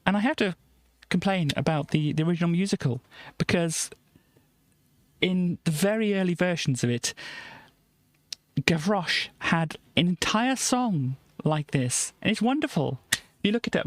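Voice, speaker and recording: A woman's voice: sits low, no room sound. A woman streamer chatting casually about her old comics, rambling and stammering with frequent laughs. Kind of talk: casual live-stream chat.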